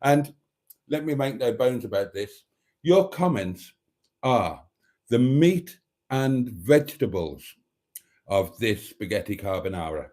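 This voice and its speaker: Man, live stream host, warm mellow tone, theatrical, camp, cheeky. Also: medium pitch, expressive, slow, long pauses. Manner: theatrical, camp, calls viewers darlings; cheeky, mock-rude jokes. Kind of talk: casual live stream chat.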